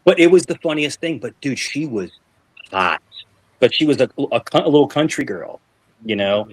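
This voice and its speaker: A man's voice: medium pitch, expressive, moderate pace, dry recording. A man, hosting a live panel chat and rambling through stories with lots of fillers and restarts. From New York. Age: 40s. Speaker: show host.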